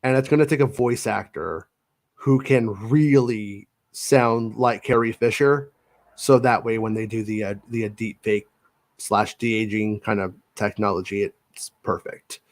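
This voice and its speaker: Animated man talking fast in bursts. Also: on the low side. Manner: animated, quick bursts with many restarts. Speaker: podcast co-host. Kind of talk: casual chat.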